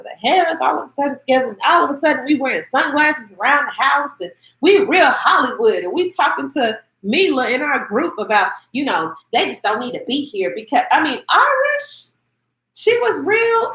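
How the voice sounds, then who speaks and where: A woman gives a sassy, emphatic review of a TV episode. Her voice sits high and swings widely in pitch as she repeats her points for effect. The sound carries the echo of a bare room. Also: a bit bright. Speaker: TV show reviewer. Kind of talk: casual review commentary.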